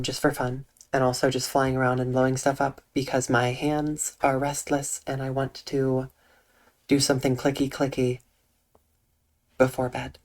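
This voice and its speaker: Streamer, soft calm voice, eloquent diction, deadpan, medium pitch, livestream chat. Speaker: Twitch streamer. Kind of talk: casual livestream chat reading out viewer comments.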